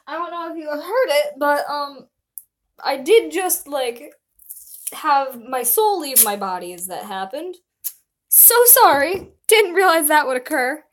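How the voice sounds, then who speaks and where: A young woman chatting casually on a live stream, rambling and self-deprecating. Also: high-pitched.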